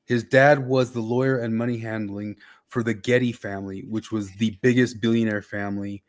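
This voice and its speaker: A man's voice: on the low side, fairly even intonation, moderate pace. A man hosting a casual political chat, rambling along and sometimes losing his train of thought. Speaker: podcast host.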